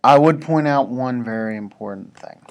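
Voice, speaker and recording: Speaking to students at a moderate pace, a man delivers a devotional talk in a relaxed, conversational style with casual asides to the audience. His medium-pitched voice has some vocal fry, and the audio sounds dull.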